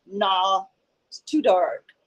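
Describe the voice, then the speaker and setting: A woman's voice: medium pitch, very slow, rough recording. Nervous angry man, clipped and hissing, read by a woman doing the book's voices. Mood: curt.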